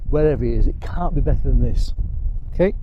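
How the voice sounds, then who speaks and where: A man's voice: medium pitch, fast, dull audio, heavy background noise. A man with an English accent, narrating his own vlog outdoors on a hilltop in a chatty way, with many fillers and restarts. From England. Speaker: vlogger.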